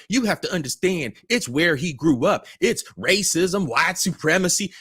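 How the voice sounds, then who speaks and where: A man's voice: high voice, lively intonation, moderate pace, few pauses, sharp tone, breathy edge, dry recording, studio quality. A man hosting a reaction video, ranting angrily with heavy profanity. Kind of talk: angry ranting commentary.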